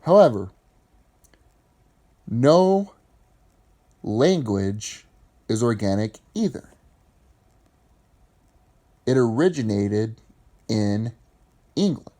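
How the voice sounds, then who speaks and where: A man's voice: mid-range voice, very animated, extremely slow, pauses often, mellow. A man from Appalachia, giving argumentative opinion commentary in a lecturing way. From Appalachian region of the US.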